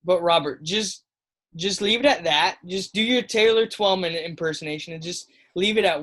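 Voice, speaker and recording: A man's voice: sits high, moderate pace, a bit bright. A man co-hosting a casual sports podcast, talking in an easygoing way with frequent laughs and fillers. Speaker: podcast co-host.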